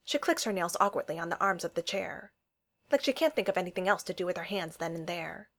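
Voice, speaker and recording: A woman narrating a story in an expressive reading voice. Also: fairly low pitch, a little fast. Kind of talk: fan fiction story reading.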